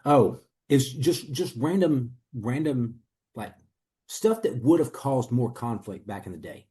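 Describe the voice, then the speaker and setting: A man's voice: medium pitch, lively intonation, measured pace, warm tone. A man in a testimonial interview, earnestly and reflectively telling his own story as a coaching client.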